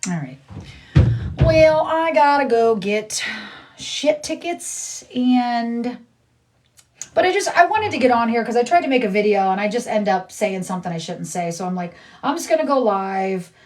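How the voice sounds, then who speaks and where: A woman's voice: on the high side, animated, normal speed, darkish tone, recorded from a distance, slight background noise. A middle-aged woman livestreaming, chatting casually in a blunt, rambling way and repeating herself.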